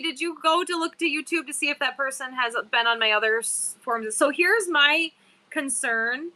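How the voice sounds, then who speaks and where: Bright chatty woman livestream host. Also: high voice. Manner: chatty, reads viewer bios aloud, quick asides. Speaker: live-stream seller host. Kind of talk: casual livestream chat.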